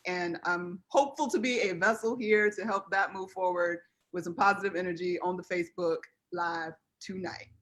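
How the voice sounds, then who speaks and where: A woman's voice: on the low side, steady tone, moderate pace, hardly any pauses, a bit bright. An American woman speaking as a guest on a live video chat, earnest and heartfelt, close to tears. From United States.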